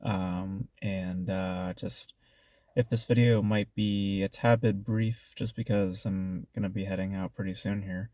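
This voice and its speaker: A man's voice: sits low, fairly even intonation, a little slow, dark tone, dry recording. A man with a congested voice hosting a casual film review, rambling with many fillers and restarts.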